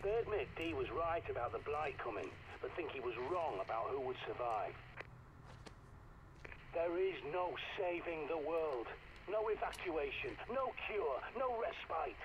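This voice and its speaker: Stern survivalist mentor in a game, bitter and preachy; dull, noisy sound. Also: male voice, fairly high pitch, expressive, a little slow. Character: grim bitter older male survivalist mentor. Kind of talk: video game voice acting.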